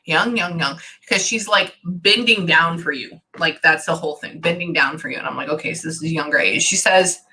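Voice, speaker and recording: Woman medium, bright edge, stop-start delivery, keeps cutting herself off. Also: fairly low pitch. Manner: halting, animated, many self-interruptions. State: tearful at times. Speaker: psychic medium. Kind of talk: channeling session.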